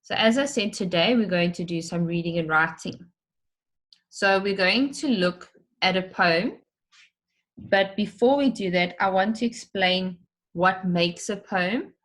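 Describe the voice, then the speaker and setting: A woman's voice: medium pitch, measured pace, fairly bright tone. A woman teacher giving an online lesson for children, explaining step by step and stretching out words to show their syllables.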